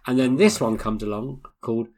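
A man's voice: medium pitch, a little fast, a crowd in the background. A man co-hosting a casual film review podcast, talking bluntly and grumbling about what he dislikes. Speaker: podcast co-host.

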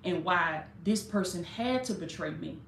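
A woman's voice: lowish voice, animated, measured pace, creaky, fairly bright tone, slight background noise. A woman preaching a live-streamed sermon, fervent and talking straight to her listeners, a little jittery from coffee. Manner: fervent preaching with casual direct address. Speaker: life coach and preacher. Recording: echoey room.

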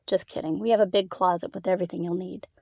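A woman's voice: on the low side, steady tone, fast, a little mellow, dry recording, clean studio sound. Woman reading a teasing female coworker. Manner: teasing, mocking.

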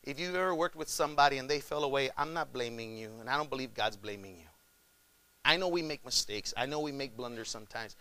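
A male pastor preaching a sermon, addressing the congregation as folks and swinging from shouts to hushed pleas. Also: medium pitch, quick pace.

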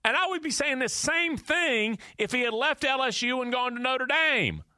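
A man's voice: extremely high pitch, animated, moderate pace, bright, forceful tone, dry recording, clean studio sound. A man hosting a sports talk show, ranting emphatically and repeating his points. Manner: emphatic, preachy repetition. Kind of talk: animated opinion rant.

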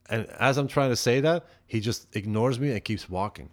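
A man from Belgium, a musician guest on a podcast, telling stories in an animated, profane, casual way. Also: mid-range voice, fairly quick, hardly any pauses. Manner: animated, profane, heated when retelling. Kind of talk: casual storytelling chat.

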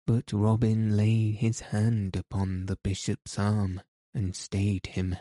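A man reading a classic adventure tale aloud in a slow, measured, even storybook narration. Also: lowish voice, no echo. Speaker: audiobook narrator.

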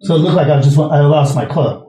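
A man's voice: a little high, quick pace, warm tone, far from the mic. A young man co-hosting a podcast in casual chat, a rambling storyteller who swears freely. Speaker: podcast co-host. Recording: echoey room, off-mic.

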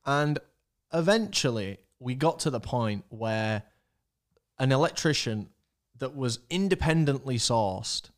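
A man's voice: mid-range voice, animated, a little slow. Young Yorkshire man, mid voice, chips in with sweary jokes in casual chat. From Northern England. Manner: sweary, chiming in, jokey asides. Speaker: podcast co-host.

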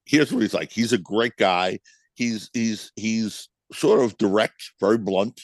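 A middle-aged man with a Brooklyn accent, a guest telling blunt, animated stories with some swearing in a casual interview. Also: on the low side, unhurried, no room sound. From United States. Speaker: guest, club owner.

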